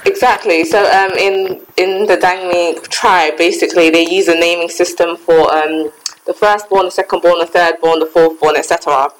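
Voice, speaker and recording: A woman's voice: lowish voice, fairly even intonation, normal speed, low-quality recording. A young woman from England, co-hosting a casual podcast chat in a reflective way, with many fillers. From Ghana heritage, raised in England. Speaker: podcast co-host.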